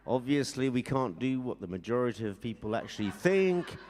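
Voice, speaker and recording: A man's voice: medium pitch, sing-song, a little fast, a little mellow. A man from England, a singer-songwriter joking with a live audience between songs in a wry, rambling, self-mocking way. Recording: live music playing behind.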